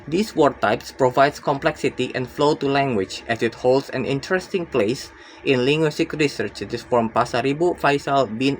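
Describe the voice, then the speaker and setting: A man's voice: mid-range voice, a little hiss or hum, rough recording. Young man reading a class presentation. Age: young adult. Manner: careful reading with frequent uh fillers and restarts. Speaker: student presenter.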